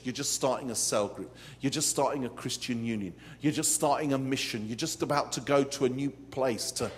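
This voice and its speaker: A man's voice: mid-range voice, a little hiss or hum. A man preaching a live sermon to a conference crowd in a hall, with dramatic, comic storytelling. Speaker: pastor.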